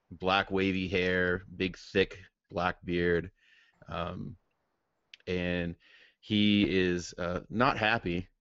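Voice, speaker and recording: Hesitant man at a gaming table, low gravelly voice, dry dull lo-fi mic. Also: no room sound. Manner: hesitant, lots of ums. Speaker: player. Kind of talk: casual tabletop game chat.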